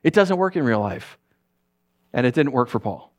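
A middle-aged man preaching a sermon as pastor, telling stories with a joking, animated manner and quick put-on voices. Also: medium pitch.

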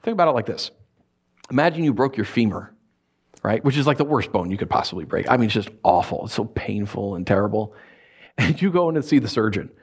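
A man's voice: lowish voice, fast talker, husky. A man preaching a sermon, telling stories and acting out the people in them. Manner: animated storytelling, acts out shouting characters. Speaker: pastor.

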